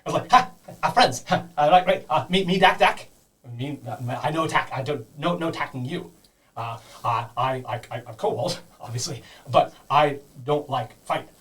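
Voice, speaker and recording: A man voicing a timid male kobold who speaks in halting, broken phrases, eager to please. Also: a little high, fairly bright tone, far from the mic, close to an everyday voice, rough recording. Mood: nervous, pleading.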